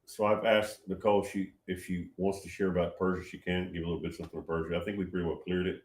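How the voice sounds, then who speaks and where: A man's voice: sits low, level tone, quick pace, darkish tone. Rambling emphatic man in a roomy room. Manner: rambling, repeats himself, emphatic. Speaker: host of a prophetic livestream. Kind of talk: casual livestream commentary.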